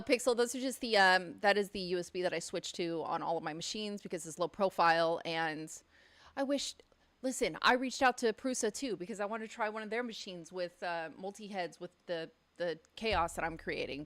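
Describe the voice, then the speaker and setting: Her voice is lowish with a fairly bright tone. Hosting a casual livestream from her home studio on a studio mic that catches the room, she chats and speaks her mind, swearing whenever she gets annoyed.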